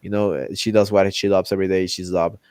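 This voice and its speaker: A man hosting a casual chat, ranting in an animated way and acting out characters' lines with exaggerated voices. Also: deep voice, fast, clear, resonant tone, no echo. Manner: loose, repetitive restarts while ranting. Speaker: podcast host.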